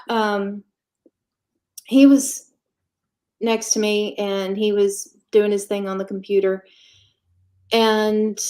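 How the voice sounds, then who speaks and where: A woman telling her own story as an interview guest, candid and matter-of-fact, pausing often and filling gaps with ums. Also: mid-range voice, darkish tone. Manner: halting, with frequent pauses and fillers. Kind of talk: casual conversational storytelling.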